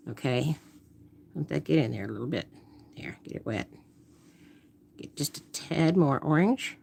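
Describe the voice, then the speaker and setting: Lively, low-voiced woman painting on stream. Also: measured pace, creaky, slight background noise. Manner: thinks aloud while painting, trailing off into murmurs. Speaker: artist painting live. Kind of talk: casual live-stream painting chat.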